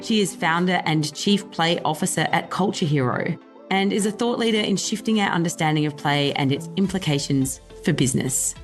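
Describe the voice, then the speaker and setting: Low-voiced woman hosting a podcast. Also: normal speed, soft background music. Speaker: podcast co-host and burnout researcher. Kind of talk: scripted intro and interview.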